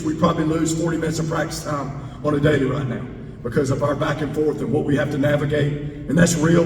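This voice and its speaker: A man, a head football coach speaking to a club and taking audience questions, stressing points by repeating words. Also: a little mellow. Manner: emphatic, repeats key words. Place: large meeting hall indoors. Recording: roomy hall, distant mic, faint rumble.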